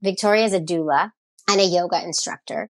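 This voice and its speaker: A middle-aged woman hosting a podcast in a casual, chatty way, animated and joking with her listeners. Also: fairly low pitch, a little fast. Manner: animated, jokey, says "y'all". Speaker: podcast host.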